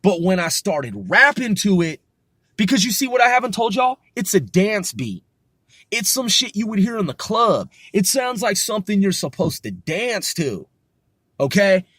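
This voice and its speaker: Casual rapper, higher-pitched man, talks in loops and restarts, dry close sound. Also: sing-song, moderate pace, a bit bright, breathy edge, no room sound. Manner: rambling, restarts often, swears casually. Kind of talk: casual rehearsal talk with rapped lines.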